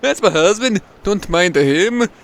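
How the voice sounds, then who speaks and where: Tired, friendly, inquisitive village woman with a mock Welsh lilt; a man reads her, pitched up high. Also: expressive, a little slow. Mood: chatty. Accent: put-on Welsh lilt. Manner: chatty, inquisitive.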